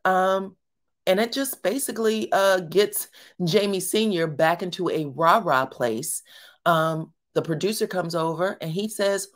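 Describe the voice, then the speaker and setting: A woman's voice: on the low side, a little slow. A woman giving a casual, colloquial recap of a reality show, talking straight to her viewers. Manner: chatty, colloquial, addresses viewers as y'all. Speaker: reality TV commentator.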